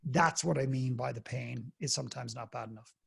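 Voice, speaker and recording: An Irish man, a guest speaker on a podcast, telling anecdotes in a lively way and acting out the people in them. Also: medium pitch, brisk, vocal fry, breathy edge. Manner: animated anecdote-telling, acts out the people in his story. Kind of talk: storytelling in a conversational interview.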